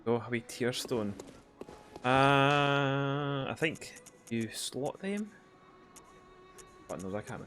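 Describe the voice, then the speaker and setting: A man's voice: medium pitch, animated, takes it slowly, long pauses, fairly bright tone, faint music behind. A man streaming a video game, chatting casually, rambling and swearing with lots of filler words. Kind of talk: casual live-stream commentary.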